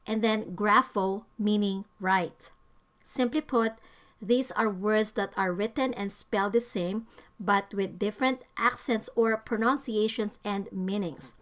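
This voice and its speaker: A woman narrating a scripted English vocabulary lesson, giving careful, deliberate stress to each example word. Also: mid-range voice. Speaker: English teacher.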